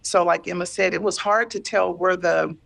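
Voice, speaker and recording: A woman in her fifties talking candidly and earnestly about caring for a parent, halting and repeating herself as she searches for words. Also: lowish voice, steady tone, creaky, a bit bright. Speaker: guest sharing caregiving story. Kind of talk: candid emotional conversation.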